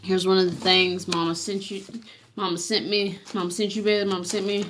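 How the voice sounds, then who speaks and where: A woman sharing a personal faith testimony in a casual, earnest way, reading from her journal and often pausing and restarting, sometimes dropping to a hush. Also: medium pitch, flat delivery, slight background noise. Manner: halting and earnest, with many restarts and fillers.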